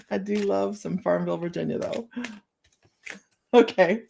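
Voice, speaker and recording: A woman's voice: mid-range voice, measured pace, creaky, warm tone, a little hiss or hum. Giggly woman hosting a live stream. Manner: giggly, chatty, laughs often between remarks; playful, teasing delivery of cheeky card lines. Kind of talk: casual live-stream chat.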